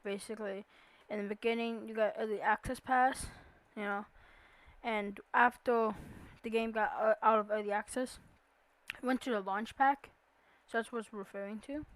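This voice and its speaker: A young woman giving a casual voice-over about a video game, rambling with lots of fillers and restarts. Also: mid-range voice. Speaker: YouTuber explaining a game iceberg.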